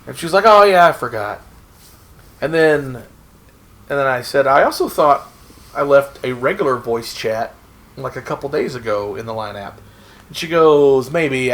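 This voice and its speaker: A man from Oklahoma rambles goofily to himself while playing a game on stream, chatting casually. His voice is mid-range with a fairly bright tone.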